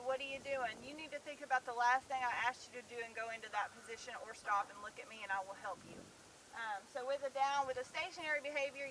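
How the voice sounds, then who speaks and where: A woman training a herding dog, explaining her methods plainly to a camera set up in an outdoor livestock pen, giving calm, firm commands. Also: sits high, slight background noise, poor audio. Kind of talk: instructional talk to camera. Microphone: camera set up nearby, speaker at times moving away.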